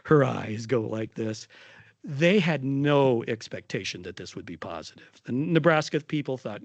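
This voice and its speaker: A middle-aged man, a nurse leader, giving a conference talk and telling a story in an animated way, with quoted voices acted out. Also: medium pitch, moderate pace, dry recording, lo-fi sound.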